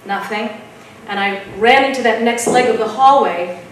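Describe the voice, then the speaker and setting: Woman spinning a spooky tale live, dramatic, goes hushed at the scary bits, far from the mic, lots of echo, faint room hum. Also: on the high side, normal speed. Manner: dramatic, drops to a hush at tense moments. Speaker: open mic storyteller.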